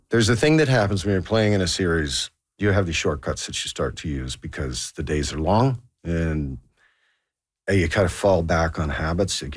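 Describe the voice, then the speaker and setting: Deep, husky-voiced middle-aged man. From Canada. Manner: laughing storyteller, acts out quoted voices. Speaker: actor guest. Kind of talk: casual interview chat.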